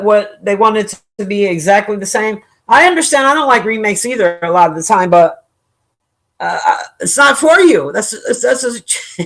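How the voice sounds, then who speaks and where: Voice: medium pitch, fairly bright tone. A streamer talks loosely to the chat in a mid-range voice. The tone is blunt and opinionated, with frequent cursing and laughter. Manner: profane, joking, laughs often. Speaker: live streamer reading chat. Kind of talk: casual live-stream chat.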